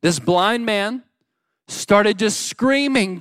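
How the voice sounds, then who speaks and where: High-voiced man preaching with dramatic swings. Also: a little slow, smooth, no room sound, clean studio sound. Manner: dynamic preaching, swings between loud cries and hushed lines; acts out the biblical cries in a pleading shout. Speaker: pastor. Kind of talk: sermon.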